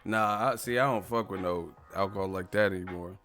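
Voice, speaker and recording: A man's voice: sits low, brisk, a bit bright, soft background music. Profane rambling man on a live stream. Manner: profane, rambling, laughs often. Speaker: boxing stream host. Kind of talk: casual live-stream chat reading comments.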